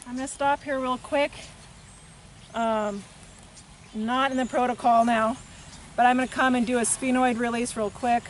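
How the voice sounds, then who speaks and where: A woman equine therapist narrating a hands-on treatment demonstration outdoors, talking in a soft, unhurried way and murmuring gently to the horse between explanations. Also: on the high side, fairly even intonation, a little hiss or hum. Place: outdoors with a horse, rural setting.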